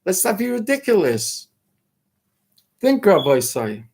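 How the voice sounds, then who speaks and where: A man with a notably high voice hosts a talk show, preaching his views in an emphatic monologue. He fires off rhetorical questions and peppers his speech with Hebrew and Yiddish terms. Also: big pitch swings, measured pace, gravelly, a little mellow, husky. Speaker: radio talk host. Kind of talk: political commentary monologue.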